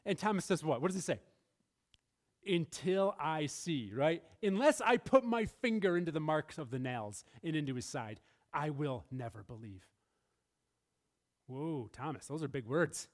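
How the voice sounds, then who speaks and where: A man's voice: on the high side, animated, a little slow, pauses often. A man preaching a sermon in a church, laughing often and briefly acting out the voices of the people in his story. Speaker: pastor. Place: church sanctuary.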